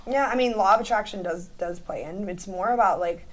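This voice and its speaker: A woman in a casual podcast chat, calmly giving spiritual advice with many "like" fillers. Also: mid-range voice, fairly quick, a crowd in the background, low-quality recording. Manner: calm, advising, spiritual talk with many fillers.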